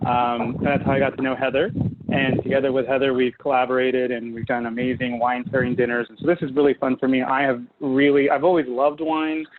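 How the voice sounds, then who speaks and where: A man's voice: medium pitch, little pitch movement, brisk, few pauses. Guest chef, man, from California, casual and filler-heavy; thin phone-like audio. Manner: chatty, filler-heavy, enthusiastic. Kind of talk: casual video-call chat. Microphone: video call. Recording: tinny video-call audio, faint hiss.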